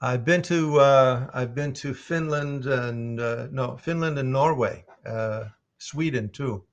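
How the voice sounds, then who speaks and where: A man's voice: mid-range voice, takes it slowly. A man, a voice actor, chatting casually with fans on a livestream and telling stories as he answers questions. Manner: chatty and storytelling.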